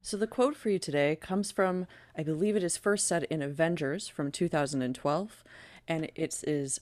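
A woman on a podcast, chatty and quick to laugh. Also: low-pitched, a little mellow, no room sound. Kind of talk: podcast chat.

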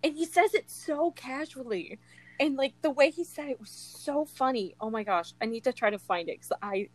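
A woman's voice: high-pitched, moderate pace, dry recording, rough recording. A young woman chatting casually about a book she loves, gushing, laughing often and filling her talk with "like". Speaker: co-host of a book discussion. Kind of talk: casual chat.

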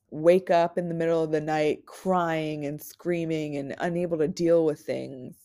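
Woman in her 20s with a low-pitched voice for a raw, unscripted personal monologue. Blunt and halting. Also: steady tone, mellow. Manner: raw, candid, swears freely; halting with frequent restarts. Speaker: podcast host.

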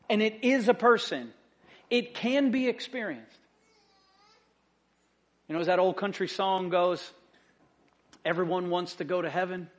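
High-voiced emphatic pastor. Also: male voice. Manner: emphatic, swings from loud to hushed. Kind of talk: sermon. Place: church sanctuary.

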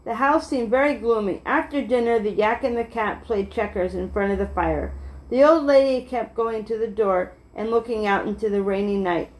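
A woman reading a children's picture book aloud in a gentle, steady way, with small slips and restarts. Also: fairly high pitch, normal speed.

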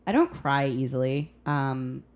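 Low-pitched American woman, server guest, animated storyteller in casual chat. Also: unhurried. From United States. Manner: animated storyteller, acts out quoted people. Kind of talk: casual podcast conversation.

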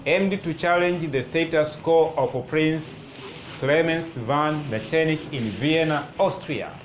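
Slow dictating male teacher. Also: a little high, soft background music. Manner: slow, repeats each phrase for notes. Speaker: history teacher. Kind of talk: classroom dictation. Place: classroom. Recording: noisy classroom ambience.

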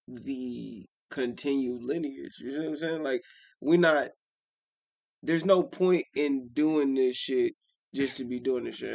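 A man co-hosting a podcast in casual chat, reflective and rambling with many halting restarts. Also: mid-range voice, gravelly. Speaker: podcast co-host.

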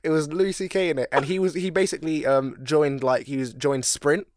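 A young man co-hosting a casual podcast, an animated storyteller who acts out voices and laughs often. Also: fairly high pitch, a little fast, a little hiss or hum. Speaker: podcast co-host. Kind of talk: casual chat.

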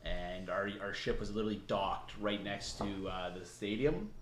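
Animated man telling stories, roomy sound. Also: fairly low pitch, normal speed, slight background noise. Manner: animated storyteller, mimics voices, laughs often. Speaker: guest brewery founder. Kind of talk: casual podcast chat. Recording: roomy echo.

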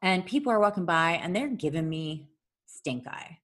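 A woman telling a long story in casual chat, animated, swearing freely and laughing often. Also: lowish voice, normal speed.

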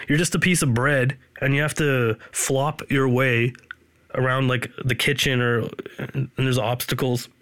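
A man from Canada, hosting a podcast in a rambling, deadpan, self-deprecating way. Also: medium pitch, no room sound. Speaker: podcast host. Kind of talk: casual solo podcast monologue.

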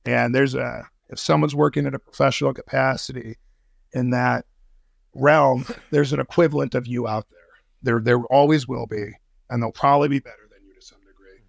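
An intelligence analyst appears as a guest on a podcast for a casual interview, talking in a slangy, profane way with many fillers and restarts. His medium-pitched voice is gravelly and steady at a moderate pace, recorded dry.

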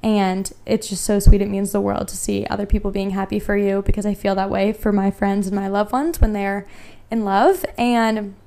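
Smooth-voiced woman gushing on her podcast. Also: medium pitch, fairly even intonation, normal speed, dark tone. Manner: chatty and gushing, heavy use of "like". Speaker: podcast host. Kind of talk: casual solo podcast chat.

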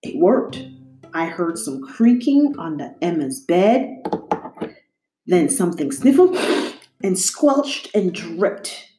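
A woman reading a children's picture book aloud with expressive, lively delivery. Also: lowish voice, takes it slowly, long pauses, echoey room, music in the background. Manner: expressive, bright character voices. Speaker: storybook narrator. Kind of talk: storybook read-aloud.

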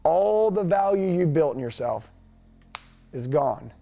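High-voiced, punchy male sales coach. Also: slow, gravelly, soft background music. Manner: energetic, punchy, rhetorical questions. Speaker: sales trainer.

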